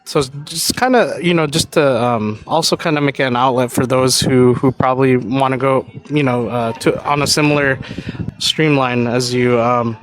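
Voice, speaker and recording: Male host, mid-pitched voice, rambling casual interviewer with a corny sense of humor. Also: fairly even intonation. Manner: rambling, halting, cheesy jokes.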